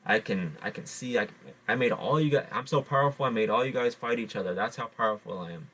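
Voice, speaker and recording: A man voicing a scheming, boastful male brown bat in a told story, halting and repeating his words. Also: medium pitch, a bit bright, lightly acted, poor audio. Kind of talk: oral storytelling.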